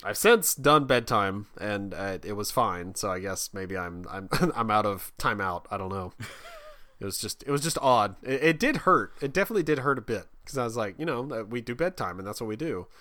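Lively self-mocking dad telling home stories. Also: male voice, fairly low pitch, fairly quick, no room sound, studio quality. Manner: self-deprecating storyteller, laughs often, restarts lines. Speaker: podcast co-host; father. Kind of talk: casual chat. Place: home office.

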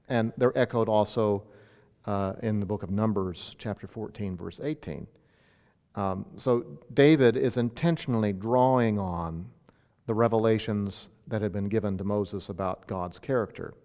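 Pastor preaching in an echoing hall. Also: male voice, mid-range voice, a little mellow. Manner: teacherly, emphatic bursts on key points. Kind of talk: expository sermon.

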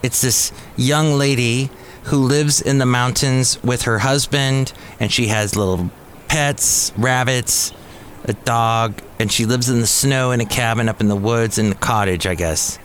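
A man's voice: mid-range voice, a little slow, fairly bright tone. A man hosts a podcast in a loose, rambling monologue with a mid-range voice, recorded at a cafe with faint noise behind him. He drifts from point to point and drops wry, sarcastic asides along the way. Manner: jokey, digressive, sarcastic asides. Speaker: podcast host.

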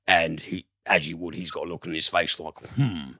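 A man's voice: sits low, level tone, a little fast, pushed and bright, no echo, studio quality. A man hosting a casual film review podcast, enthusiastic, rambling and profane.

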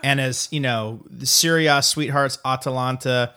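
A man's voice: medium pitch, steady tone, normal speed, bright, forceful tone, clean tone. Guy cohosting a soccer podcast, jokey and rambly, lots of you knows. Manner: joking, rambling with many fillers. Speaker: podcast co-host. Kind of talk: casual sports chat.

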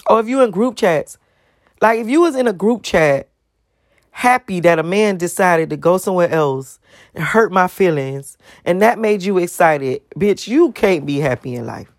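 A woman's voice: on the low side, lively intonation, moderate pace, no echo, clean studio sound. A woman vlogger ranting to her viewers, emphatic and profane, firing off one rhetorical question after another. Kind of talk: ranting monologue to camera.

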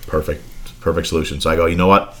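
A man's voice: a bass voice, fairly even intonation, fast. A man chatting casually about plans for a fantasy football league, telling stories with a lot of swearing. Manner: profane, storytelling. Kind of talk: casual chat.

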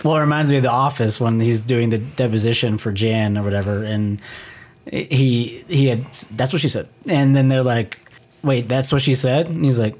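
A man co-hosting a casual podcast, animatedly retelling funny movie scenes with quick asides. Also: mid-range voice, darkish tone. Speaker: podcast co-host. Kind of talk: casual movie-review chat.

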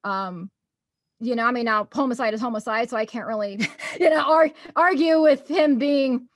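A woman's voice: a little high, normal speed, no echo. A young woman telling stories in a casual chat, bubbly and laughing often.

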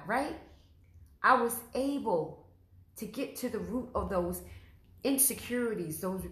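A woman's voice: medium pitch, fairly bright tone. Earnest woman podcaster in echoey room. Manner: earnest, direct address to listeners. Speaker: podcast host. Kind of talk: faith-based personal testimony.

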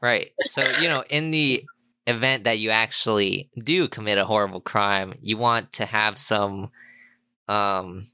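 Bright, dry-sounding male interviewer. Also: lowish voice, a little slow, clear, resonant tone, no room sound. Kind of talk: casual interview questions.

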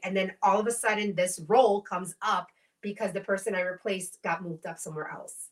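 A woman in casual podcast chat, telling lively stories and acting out what others said, swearing freely. Her voice sits at a middle pitch. She sounds a bit distant from the microphone. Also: a little fast. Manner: animated storytelling, acts out quoted voices, swears freely. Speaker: podcast co-host.

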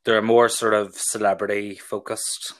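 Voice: mid-range voice, level tone, a little slow, fairly bright tone. Teasing co-host with a Fermanagh accent. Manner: teasing, dry humour. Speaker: podcast co-host. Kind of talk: casual chat.

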